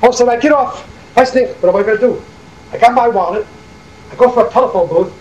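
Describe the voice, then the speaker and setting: Elderly high-voiced New man storytelling. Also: fast, roomy sound, muffled recording, a little hiss or hum. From Hackensack, New Jersey. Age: older. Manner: animated, acts out quoted dialogue. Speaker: war veteran interviewee. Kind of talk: oral history storytelling.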